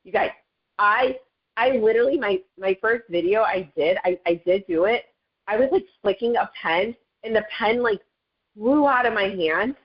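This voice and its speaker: A woman's voice: medium pitch, expressive, normal speed. A middle-aged woman, speaking on a video call as a guest speaker on a network marketing call. She gives a chatty, upbeat motivational testimony and keeps addressing listeners as "you guys.". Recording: dull lo-fi call audio.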